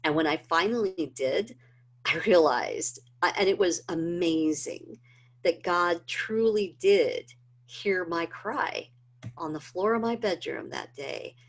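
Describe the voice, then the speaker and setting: A woman's voice: lowish voice, expressive, takes it slowly. A middle-aged woman earnestly telling a personal story, with many fillers and rising emotion. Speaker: presenter of a health training video. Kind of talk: personal testimony talk.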